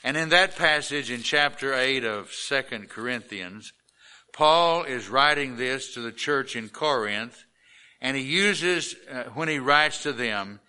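Slow, bright-voiced male preacher. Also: medium pitch, smooth. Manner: slow, emphatic preaching with scripture reading. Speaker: pastor. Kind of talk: sermon.

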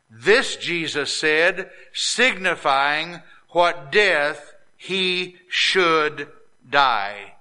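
A man preaching a sermon, reading scripture slowly and deliberately and lifting his voice on the quoted lines. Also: animated, bright, forceful tone. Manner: reads scripture slowly, rising in pitch and volume on quoted lines; drawn-out, deliberate delivery.

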